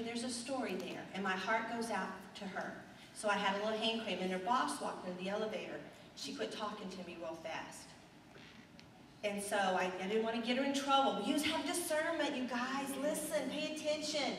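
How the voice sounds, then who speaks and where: A middle-aged woman giving an earnest, animated motivational talk to an audience in a hotel meeting room. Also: mid-range voice, slight background noise. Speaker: sales director speaking at a seminar. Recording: echoey hall recorded from far off.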